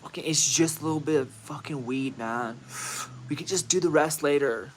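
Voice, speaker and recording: A man's voice: fairly high pitch, moderate pace, a little hiss or hum, close to an everyday voice. A man putting on a laid-back stoner surfer dude. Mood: stoned, chill. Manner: drawling and cursing, slangy.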